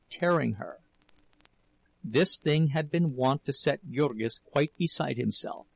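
Gravelly male audiobook narrator. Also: mid-range voice, dry recording, rough recording. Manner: steady, measured reading. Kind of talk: scripted narration.

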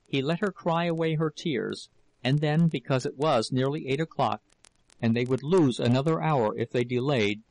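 A man narrating an audiobook of a novel in a measured, steady storytelling manner. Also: medium pitch, poor audio.

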